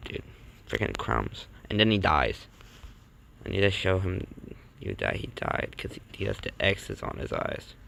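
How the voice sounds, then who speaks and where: Gravelly man narrating a cartoon, rambling. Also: deep voice, very animated, moderate pace, a bit bright, a little hiss or hum. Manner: stumbling, offhand.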